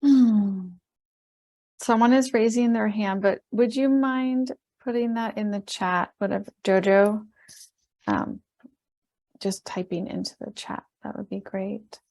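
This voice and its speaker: A woman hosts a webinar interview, her voice slightly gravelly. She moves through her questions in a friendly, brisk way. She is heard over a video call. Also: mid-range voice, a little mellow. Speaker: webinar host.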